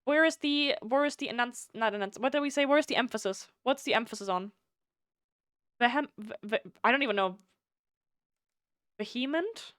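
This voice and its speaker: A woman, a native German speaker, streaming a game with casual commentary, animated and swearing freely while reading text aloud. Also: on the high side, fast, dry recording, clean studio sound.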